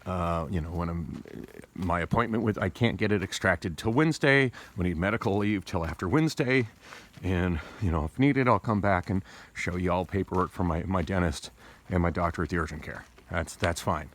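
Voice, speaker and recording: Recorded on a phone camera with slight background noise, this man's low voice moves at a normal speed. He's a vlogger delivering a loose, meandering monologue full of restarts and digressions, all while dealing with a toothache.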